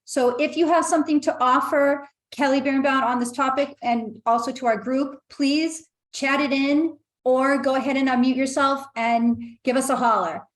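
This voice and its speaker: A woman's voice: high-pitched, steady tone, normal speed, hardly any pauses, echoey room. A woman hosting an online meetup over a video call, chatty and reading out comments from the chat. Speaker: meetup host.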